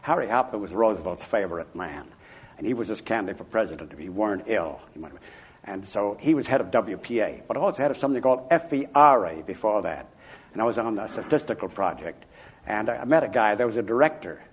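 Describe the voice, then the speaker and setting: An older man from Chicago, an author interviewed about his life, telling anecdotes in an emphatic, animated way. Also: fairly low pitch, fast talker, breathy edge. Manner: animated, emphatic, chuckling raconteur. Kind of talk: anecdotal storytelling.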